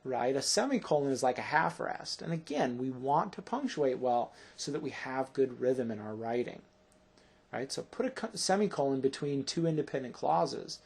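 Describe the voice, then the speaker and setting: A middle-aged man gives a classroom grammar lesson. His voice is gravelly and a little husky. He explains step by step and keeps checking in with his listeners. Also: mid-range voice, big pitch swings, normal speed, darkish tone. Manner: explanatory, often checking with "right?". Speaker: teacher.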